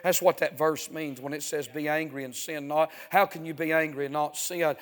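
A male preacher delivering a sermon, dropping to near hushes and then building to loud, emphatic stretches punctuated with "Amen.". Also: fairly high pitch, steady tone, normal speed, hardly any pauses. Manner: swings from hushed to shouting, repeats "Amen".

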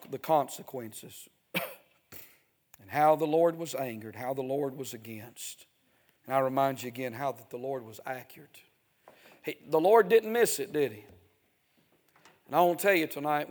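A male preacher delivering a sermon, dropping to near hushes and then building to loud, emphatic stretches punctuated with "Amen.". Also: mid-range voice, a little slow, long pauses. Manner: swings from hushed to shouting, repeats "Amen".

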